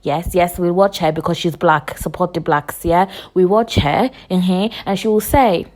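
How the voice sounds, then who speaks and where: Woman in her 20s, podcast host, solo rant: swears hard, repeats herself, jumps from loud outbursts to hushed asides. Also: lowish voice, unhurried. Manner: heated, profane ranting with repetition; animated, swings between loud bursts and hushed asides. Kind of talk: casual podcast monologue.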